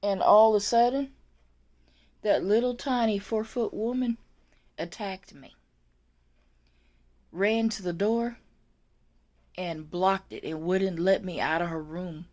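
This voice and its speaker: A woman telling a story in a relaxed vlog, taking her time over each phrase. She is chatty and laughs easily, often repeating a word before going on. Her pitch sits in a middle range. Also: a little slow, pauses often. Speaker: former nursing aide telling a story.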